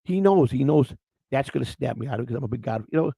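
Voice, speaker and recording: A man's voice: mid-range voice, lively intonation, fast talker, creaky, dark tone, breathy edge, no echo, poor audio. A man hosting a live-stream morning show, rambling in unscripted chat, blunt and crude, restarting his words again and again.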